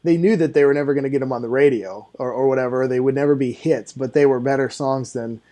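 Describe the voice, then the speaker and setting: A man's voice: medium pitch, quick pace, mellow. A man hosting an interview, easygoing and affirming in a chatty way. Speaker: podcast host. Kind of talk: casual interview chat.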